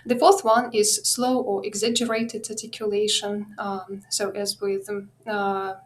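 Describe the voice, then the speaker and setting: A woman's voice: medium pitch, flat delivery, a little slow, a little hiss or hum. A middle-aged woman with a Ukrainian accent, presenting an online teaching webinar in a hesitant way, full of fillers and restarts.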